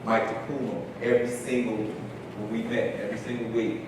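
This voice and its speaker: A man's voice: mid-range voice, normal speed. Male keynote speaker, inspirational storyteller, emphatic repeats, captured from afar in a very reverberant hall. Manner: animated, repeats key phrases for emphasis. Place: large conference hall. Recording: echoey hall from far off, noisy.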